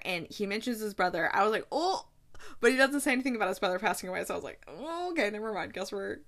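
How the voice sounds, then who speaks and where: A woman hosting a casual recap, chatty and animated, gushing and tossing in playful asides while she retells scenes. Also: mid-range voice. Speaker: podcast host reviewing movies.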